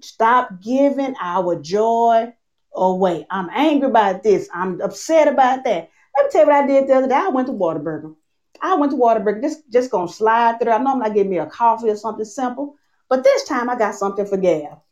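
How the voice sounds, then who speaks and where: A woman preaching a sermon, repeating phrases, asking the congregation questions and slowing down for emphasis. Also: a little high, animated, a little mellow, dull audio.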